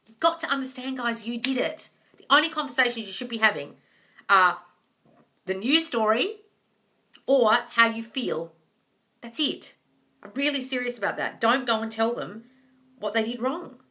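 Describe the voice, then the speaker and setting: Hosting a manifesting Q&A live, this woman gives blunt, sweary, casual advice and addresses her audience as "guys" and "darling." Her voice runs on the high side, pushed and bright, with lively intonation at a normal speed and frequent pauses. It's picked up by a phone or webcam during the stream.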